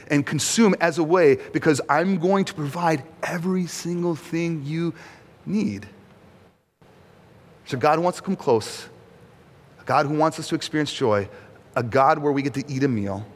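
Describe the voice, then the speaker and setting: A man preaching a sermon as a pastor. He talks in a conversational way, asks the audience questions, and acts out quotes. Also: on the high side. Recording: long hall reverb.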